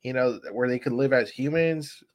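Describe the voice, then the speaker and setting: A man's voice: mid-range voice, normal speed. A man in casual chat who mostly agrees briefly, then reads out a film's plot summary in a plain way. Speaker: podcast co-host.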